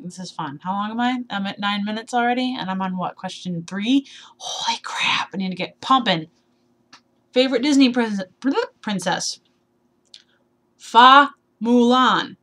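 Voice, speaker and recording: Young woman, 21, lowish voice, rambling, self-deprecating, giggly, sleep deprived, casual vlog chat. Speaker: vlogger. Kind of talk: casual tag video chat.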